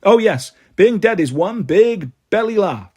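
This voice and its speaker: A man voicing a sharp-tongued, bossy ghost schoolgirl with a sarcastic, teasing manner, read in a storybook. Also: high voice, expressive, measured pace, breathy edge, voice pushed up, exaggerated voice.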